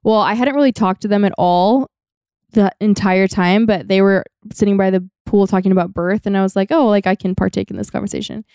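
A woman's voice: mid-range voice, steady tone, a little fast, a little mellow, clean tone, no echo, studio quality. A young woman co-hosting a podcast, telling a personal story in casual chat, full of "like" fillers. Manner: chatty, many "like" fillers. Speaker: podcast co-host.

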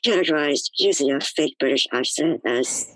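A woman's voice: deep voice, moderate pace, a bit bright, no room sound, rough recording. A woman guest on a podcast, talking through ideas in a thoughtful, musing way with many fillers. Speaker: guest, disability activist. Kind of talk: casual podcast chat.

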